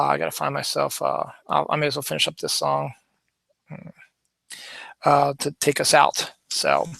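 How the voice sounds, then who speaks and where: A man's voice: fairly high pitch, creaky, pushed and bright. A man casually recapping a comic book issue for his channel, rambling and correcting himself as he goes. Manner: rambling, chatty, self-correcting.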